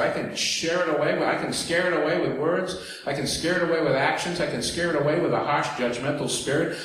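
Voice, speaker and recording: A man's voice: on the high side, a bit bright. A man preaching a sermon in a conversational way, with asides and jokes to the congregation. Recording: very echoey hall, faint background noise.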